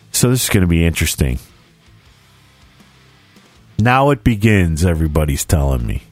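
A man's voice: fairly low pitch, dry recording. A man in his forties telling a family story in casual chat, acting out the voices of the people in it. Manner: animated storyteller who acts out the voices in his stories.

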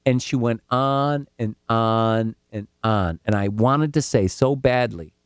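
A man's voice: medium pitch, slow pace, clean tone, no room sound, clean studio sound. A man co-hosting a casual comedic chat, telling stories with swearing and mock voices. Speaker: podcast co-host.

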